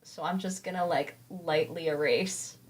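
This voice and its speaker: A woman's voice: on the low side, steady tone, unhurried, slightly rough. A woman streaming a game, chatting casually with her viewers and swearing freely.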